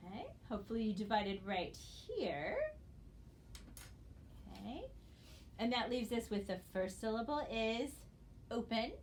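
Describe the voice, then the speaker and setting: A woman teaching a recorded phonics lesson, speaking patiently and encouragingly and spelling out letters slowly for her students. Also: fairly high pitch, sing-song, a little hiss or hum. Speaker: reading teacher.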